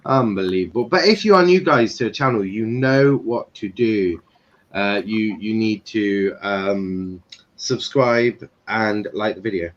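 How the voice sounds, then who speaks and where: A man's voice: fairly low pitch, unhurried. A man hosting a football watchalong stream, casual, blunt and swearing. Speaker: watchalong host. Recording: dull lo-fi stream mic with faint noise.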